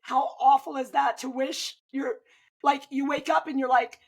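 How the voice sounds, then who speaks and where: A woman's voice: high-pitched, normal speed, creaky, poor audio. A woman in her thirties, a swim coach, talking casually and animatedly, with lots of "like" fillers. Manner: chatty, frequent "like" fillers, animated retelling. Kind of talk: casual conversation.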